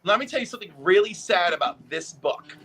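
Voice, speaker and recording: Male host, high bright voice, animated, cheeky comic-book talk. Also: fairly quick, slight background noise, poor audio. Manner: animated, profane, joking storyteller. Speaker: host showing comic books. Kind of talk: casual chat. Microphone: video call.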